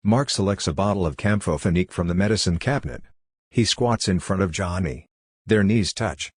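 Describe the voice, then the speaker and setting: A man slowly reading his own literary fiction aloud in a deadpan, fragmented recitation. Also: low-pitched, husky, dry recording, clean studio sound.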